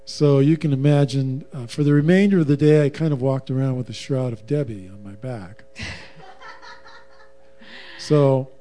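A man's voice: mid-range voice, a little fast, hardly any pauses, warm tone, soft background music. A middle-aged man telling a personal story in a casual, wry, humorous way. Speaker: guest, husband, former professional musician.

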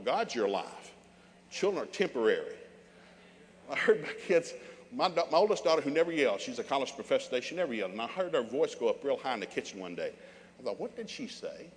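A man's voice: mid-range voice, in a large hall, a little hiss or hum. An older man preaching a sermon with humorous, emphatic storytelling.

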